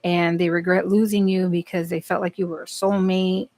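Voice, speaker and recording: A woman's voice: lowish voice, little pitch movement, normal speed, a little mellow, no room sound. Blunt, swearing woman reading tarot cards. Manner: blunt, profane, talks to the cards and to herself. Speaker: tarot card reader. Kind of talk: live tarot reading, casual chat.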